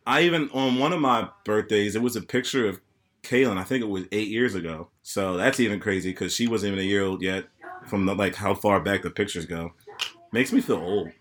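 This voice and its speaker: A man's voice: on the low side, fairly quick, a bit bright. A man in his thirties hosting a casual podcast chat among friends, easygoing and rambling, laughing often. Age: 30s. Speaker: podcast host and bartender.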